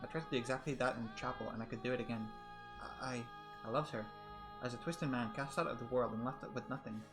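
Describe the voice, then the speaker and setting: A man reading a visual novel aloud in a soft, reflective voice, breaking off for chatty asides. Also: mid-range voice, steady tone, quick pace, over music. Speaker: let's play host.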